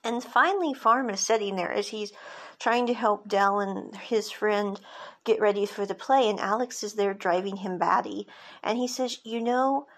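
A woman's voice: mid-range voice, normal speed, a bit bright. A woman podcast host giving a chatty, digressive recap of a TV drama, with side notes along the way.

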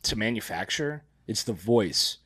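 A man's voice: fairly low pitch, expressive, unhurried, a bit bright, slightly rough, dry recording. Tired, rambling podcast guy. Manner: rambling, many fillers and restarts. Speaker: podcast co-host. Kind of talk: casual chat.

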